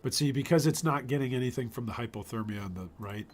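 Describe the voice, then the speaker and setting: Male streamer, mid-pitched, thinking aloud while he plays, voice wearing thin, faint hum in the background. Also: fast talker. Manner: thinking aloud, trailing off, frequent restarts. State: losing his voice. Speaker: gaming streamer. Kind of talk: casual live-stream commentary while playing.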